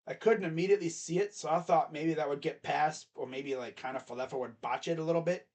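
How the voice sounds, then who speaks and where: High-voiced excitable sports fan. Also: male voice, fast talker. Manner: excitable, rambling fan chatter. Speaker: streamer giving live baseball reaction. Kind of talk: casual live play-by-play reaction.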